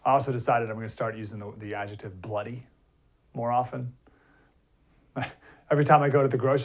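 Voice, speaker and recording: A man guest hosting a talk radio show, jokey and lively. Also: medium pitch, brisk, long pauses.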